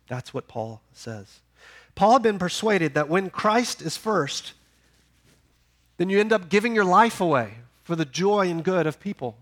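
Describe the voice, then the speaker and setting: A man preaching a sermon in a slightly higher-pitched voice. He swings between loud, emphatic peaks and low, quiet drops. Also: sing-song, measured pace. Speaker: pastor.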